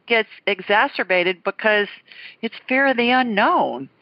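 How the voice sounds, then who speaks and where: A woman hosting a call-in radio show, brisk and reassuring with callers, quick to laugh. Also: fairly high pitch, expressive, dry recording, highs cut off. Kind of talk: casual call-in radio chat.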